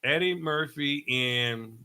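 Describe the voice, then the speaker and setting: A man's voice: medium pitch, takes it slowly, clear, resonant tone. A man from Oakland, a comedian guest, telling stories in a slangy, playful way on a talk show. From Oakland, California. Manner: animated storyteller, slangy, playful. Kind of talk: casual talk show interview.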